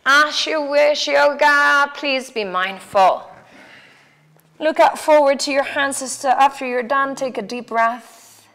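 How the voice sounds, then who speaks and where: Casting: woman, Mexican accent, yoga teacher, unhurried and clear, slightly high voice. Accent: Mexican Spanish. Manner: slow, calm cueing of breath and poses. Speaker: yoga instructor. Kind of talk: guided yoga class instruction.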